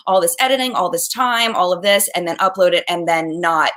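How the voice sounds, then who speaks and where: A woman's voice: on the low side, a little fast, fairly bright tone. A woman hosting a casual live chat, asking questions and explaining things for viewers. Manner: explanatory, affirming with frequent yeahs. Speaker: host.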